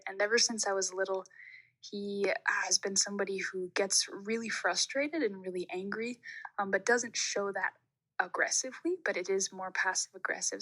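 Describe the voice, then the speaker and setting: A woman's voice: medium pitch, sharp tone, poor audio. A young woman sending in a recorded question to an advice show, speaking earnestly with frequent ums.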